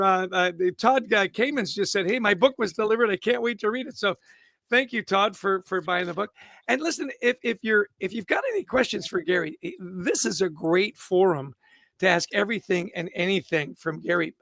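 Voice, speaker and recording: A man's voice: sits high, gravelly, a bit bright, no room sound, studio quality. A man hosting a livestream interview, talking with upbeat enthusiasm and frequent restarts. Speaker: host.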